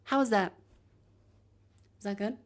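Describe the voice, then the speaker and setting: A woman's voice: medium pitch, a little slow. Chatty woman streamer testing her mic. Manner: chatty, talks through a microphone test step by step. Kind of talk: casual live-stream chat. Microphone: handheld mic moved to different distances.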